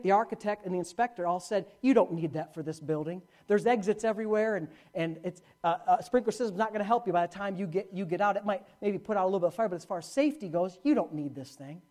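A man preaching a sermon as pastor, telling a story with wide swings from loud preaching to quiet asides. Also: high-pitched.

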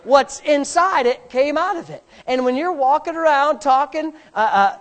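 A woman's voice: sits high, animated, normal speed, few pauses. Emphatic woman preaching a sermon. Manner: emphatic, repetitive, rising to forceful peaks.

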